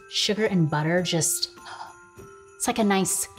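A woman's voice: fairly low pitch, measured pace, soft background music. A woman hosting a casual cooking tutorial in her home kitchen, chatting straight to viewers and laughing often. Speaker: host.

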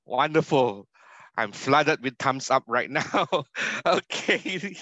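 A man with a Singaporean English accent delivers an online conference lecture, leaning on key words and posing rhetorical questions to his listeners. His mid-pitched voice comes through a dull, dry video call mic with a slightly muffled, lo-fi sound. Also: animated, slow pace, bright, forceful tone, no room sound. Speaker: keynote speaker, university academic. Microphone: video call computer mic.

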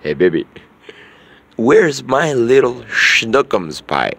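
A man's voice: medium pitch, very animated, slow pace, a bit bright, breathy edge. A young man, just woken up, rambling crudely and jokily in a casual vlog monologue, swearing often.

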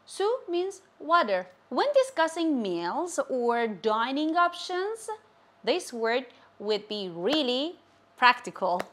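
A woman giving a language lesson, saying each phrase slowly and repeating it with care. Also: sits high, big pitch swings, a bit bright. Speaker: language teacher. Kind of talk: slow, clear language lesson.

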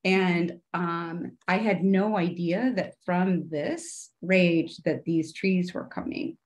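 A middle-aged woman, a former television showrunner, chatting in an interview and acting out her past dialogue in a brighter voice. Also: takes it slowly. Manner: animated, chatty, acts out her own past dialogue in a higher voice. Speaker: podcast guest, television showrunner turned artist. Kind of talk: casual interview storytelling.

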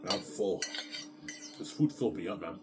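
Deep-voiced man rambling excitedly. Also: normal speed, very noisy. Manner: rambling, excitable, stumbles and repeats words. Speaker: vlogger. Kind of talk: casual chat. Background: music.

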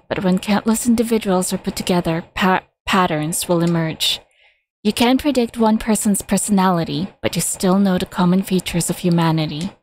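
A woman reading a game's story aloud at a measured pace, now and then stumbling or adding casual asides. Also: lowish voice, slight background noise, rough recording. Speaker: reader of game story.

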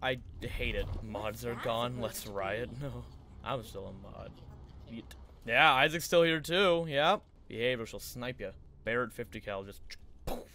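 A man's voice: medium pitch, unhurried, noisy background. A young man chatting casually and jokingly while live-streaming a speedrun, often laughing.

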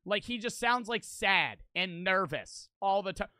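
Male streamer, casual profane chat, smooth clear voice, dry close sound. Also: high-pitched, expressive, unhurried, hardly any pauses, bright, forceful tone, no echo. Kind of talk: livestream chat, reading donations.

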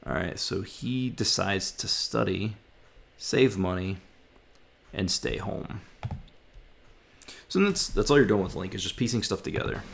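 A man vlogging his language study, thinking aloud, haltingly sounding out words and correcting himself. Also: fairly low pitch, gravelly, slightly rough.

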